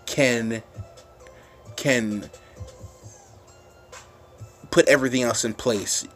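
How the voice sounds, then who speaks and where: A man's voice: mid-range voice, slow pace, long pauses, a bit bright. Man ranting into a phone camera, rambling and profane, faint music behind. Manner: rambling, restarts often, swears, gets fired up. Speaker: vlogger. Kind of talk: casual ranting monologue.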